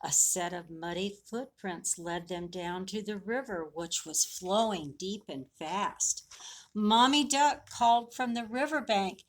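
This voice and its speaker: A woman reading a picture book aloud to children at a library storytime, slow and expressive. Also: mid-range voice.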